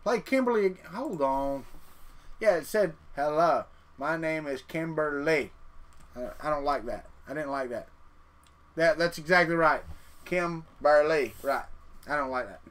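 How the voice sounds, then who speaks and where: A man's voice: fairly high pitch, animated, moderate pace, a bit bright. A man hosting a casual live stream, chatting and muttering to himself as he clicks through settings. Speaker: livestream host.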